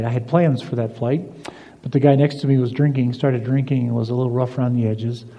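An older man preaching a sermon as pastor, telling stories and moving between emphatic lines and soft, confiding ones. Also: mid-range voice, steady tone, quick pace. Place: church sanctuary. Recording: dull lo-fi recording in a reverberant church hall.

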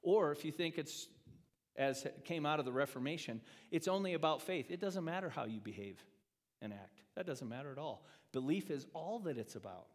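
A man preaching a sermon as pastor in a church, acting out quoted speech and swinging from loud, emphatic lines to quiet ones. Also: fairly high pitch, lively intonation, normal speed. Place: church sanctuary. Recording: long reverb of a church hall.

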